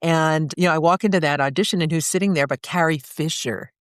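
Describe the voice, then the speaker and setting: An older woman with a New York accent, telling lively stories as a guest in an interview and acting out the people in them. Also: low voice, a little fast, no echo, studio quality. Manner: lively storyteller, acts out voices. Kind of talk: storytelling interview.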